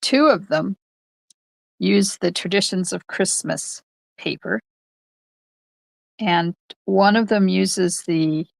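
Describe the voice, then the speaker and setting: An older woman hosts a live-streamed card-making tutorial from her home craft room. She talks slowly and chats with viewers as she stamps. Her voice has a gravelly edge, and the recording is dry and close. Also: on the low side, dry recording, rough recording.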